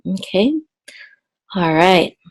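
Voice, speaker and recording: Brief: woman Hebrew teacher, slightly hoarse, unhurried delivery, chants verses. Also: on the low side. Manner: patient, repeats terms, chants the verses. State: slightly hoarse, clearing her throat. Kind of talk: slow explanatory lesson with chanted Hebrew.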